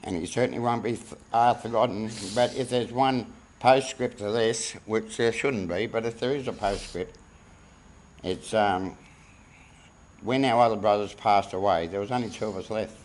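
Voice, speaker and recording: Deep-voiced man, emotional eulogy. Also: a little hiss or hum, rough recording. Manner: halting and heartfelt. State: emotional, close to tears. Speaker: brother giving a eulogy. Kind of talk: funeral eulogy. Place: funeral service.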